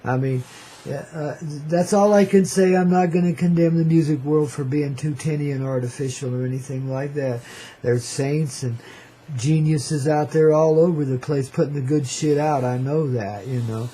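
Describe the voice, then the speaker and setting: A man's voice: fairly high pitch, fairly even intonation, normal speed, dark tone, slight background noise, low-quality recording. A man hosting a radio show, rambling in a playful, slangy, cosmic way and calling listeners "baby". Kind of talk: freewheeling hippie radio monologue.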